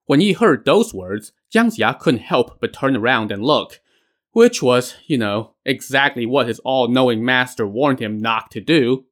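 A man's voice: mid-range voice, animated, a little slow. Man telling a story with casual asides. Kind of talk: storytelling narration.

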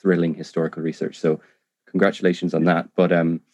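A man's voice: sits low, little pitch movement, a little fast, a little mellow, dry recording. A man who speaks English as a second language, hosting an interview in a hesitant, enthusiastic way with many ums. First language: not English. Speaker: podcast host. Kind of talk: casual interview talk.

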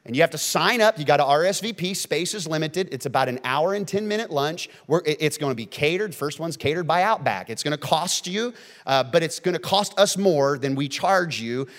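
A man preaching a sermon as pastor, telling stories with lively swings between loud and hushed delivery. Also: on the high side, brisk. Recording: long reverb of a church hall.

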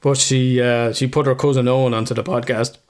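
A man's voice: medium pitch, level tone, fairly quick. A man with an Irish accent, co-hosting a casual podcast chat, rambling, swearing freely and laughing at himself. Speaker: podcast co-host.

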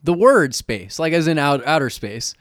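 Comedian guest, male, slightly high voice, lively pitch, deadpan ironic delivery, dry mic. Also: normal speed, dry recording. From Sacramento area. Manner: deadpan ironic jokes, laughing. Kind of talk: casual comedy podcast chat.

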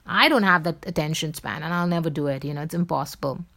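A woman's voice: deep voice, quick pace, vocal fry, bright, forceful tone. A woman from India with a Bombay accent, talking on her solo podcast in an insistent, emphatic way, full of "you know" fillers. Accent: Bombay Indian English. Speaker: podcast host.

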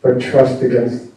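A man asking a question of a teacher in a group, speaking haltingly with many pauses and fillers. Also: medium pitch, dark tone. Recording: very echoey room, distant mic, faint room noise.

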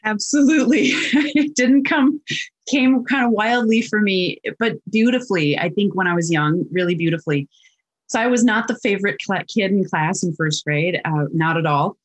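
A middle-aged woman, a guest on an interview, telling personal stories in an animated way and acting out the voices in them. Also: medium pitch, normal speed. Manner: animated storyteller who acts out quotes.

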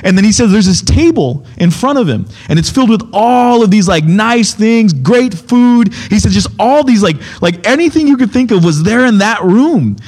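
A man's voice: high voice, expressive, moderate pace, hardly any pauses, a little mellow, slightly rough. A young adult man preaching a sermon, telling a story in a casual way and acting out the voices of the people in it. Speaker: pastor.

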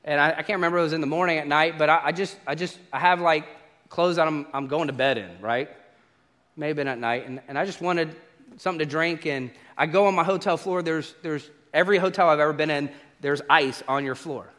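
Bright, high-voiced pastor. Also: male voice, fairly quick. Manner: animated storyteller, acts out exchanges. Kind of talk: sermon with humorous travel stories. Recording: echoey hall reverb.

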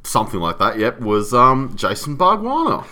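A man's voice: medium pitch, wildly swooping pitch, moderate pace, pushed and bright. A man co-hosting a podcast, chatting casually with dry, matter-of-fact quips. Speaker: podcast co-host. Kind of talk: casual motorsport chat.

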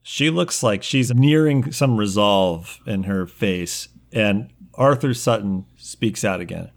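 A man's voice: lowish voice, slow, creaky, few pauses. A man as game master narrating a tabletop game in a casual, profane, rambling way.

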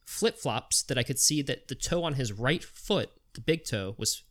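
A man telling a story on a podcast, animated and swearing, acting out the people he quotes. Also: medium pitch, moderate pace. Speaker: podcast host. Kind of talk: casual storytelling chat.

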